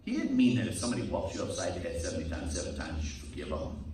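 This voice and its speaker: A man, a priest, preaching a sermon to a men's group in a lively manner. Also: low-pitched, racing, roomy sound, far from the mic, slight background noise, poor audio. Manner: lively preaching, acts out quoted people. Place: meeting room.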